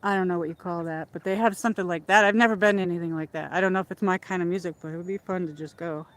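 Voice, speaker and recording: This livestream host has a lowish voice with a steady tone, and she talks at a racing speed. Strolling beside a lake with a handheld phone, she rambles chattily, slightly winded, tossing in lots of fillers, plenty of "like"s, and frequent restarts.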